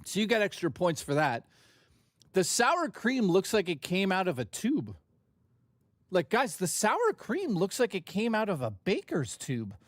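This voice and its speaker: A man's voice: high-pitched, huge pitch swings, unhurried, dry recording, studio quality. A man casually chatting and joking on his live stream, loose and profane.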